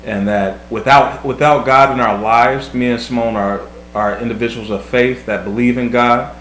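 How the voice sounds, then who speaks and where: A husband in his thirties hosts a vlog, sharing marriage advice casually in an earnest, reflective way and often repeating words as he thinks. His medium-pitched, a bit bright voice moves at normal speed with fairly even intonation. Soft background music plays in an echoey room with a faint hum.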